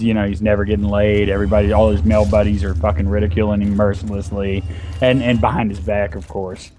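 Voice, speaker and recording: A man's voice: fairly low pitch, a little mellow. A man co-hosting a gaming video, talking in a laid-back way, swearing freely and laughing often. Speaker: co-host of a gaming let's play. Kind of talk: casual gaming chat.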